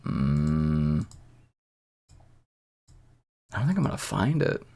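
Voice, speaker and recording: A man's voice: extremely low pitch, huge pitch swings, slow, vocal fry, mellow. A man streaming, chatting casually and profanely, rambling and laughing at himself.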